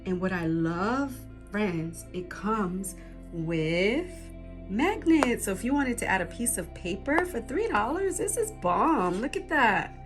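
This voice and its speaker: A woman vlogger talking casually through a craft haul, gushing and excitable, and she keeps calling her viewers friends. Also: mid-range voice, slow pace, soft background music.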